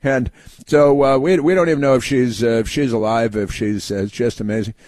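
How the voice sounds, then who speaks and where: A man's voice: mid-range voice, fairly even intonation, darkish tone, no room sound. Sardonic man, dry close sound. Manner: halting, heavy fillers and restarts; sardonic, mock-cheerful asides. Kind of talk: sarcastic political commentary.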